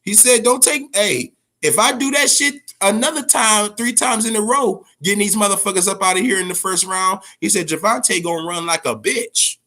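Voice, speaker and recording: A man hosting a boxing talk show, ranting in a profane, casual way, stammering and swinging between a low grumble and loud outbursts. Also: moderate pace. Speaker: boxing podcast host.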